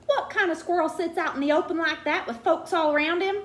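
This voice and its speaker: A woman's voice: very high voice, steady tone, brisk, a bit bright, pitched above the performer's own voice. A woman reading aloud and voicing an eager, talkative country boy from Arkansas with a drawl. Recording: roomy echo.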